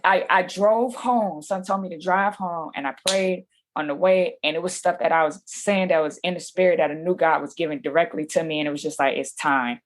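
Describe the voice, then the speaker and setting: A woman with a slightly low voice who tells her story in a lively, slangy way. She keeps jumping into the voices of the people in the story. Her delivery is relaxed and conversational. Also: a little fast, hardly any pauses. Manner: animated, slangy, acts out quoted dialogue. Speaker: podcast guest. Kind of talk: casual storytelling interview.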